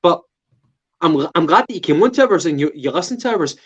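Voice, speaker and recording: A Scottish man chatting about football on a podcast, his voice sitting a touch high. He swears freely and restarts his sentences. The recording sounds dull and lo-fi. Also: animated, a little fast, a bit bright, slightly rough. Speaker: podcast co-host. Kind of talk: casual football chat.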